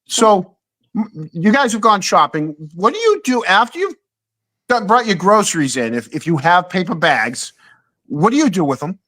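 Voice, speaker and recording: A man's voice: high voice, very animated, moderate pace, sharp tone. Rambling man talking on a stream. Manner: rambling, restarts, teasing questions. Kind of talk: casual livestream chat. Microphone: phone.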